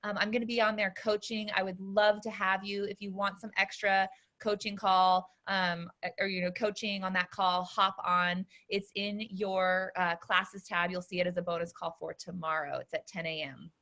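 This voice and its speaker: A woman's voice: medium pitch, flat delivery, moderate pace, hardly any pauses, bright, forceful tone. A woman co-hosting a business training call, giving upbeat, encouraging announcements and explaining steps to members. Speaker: business coach and co-host.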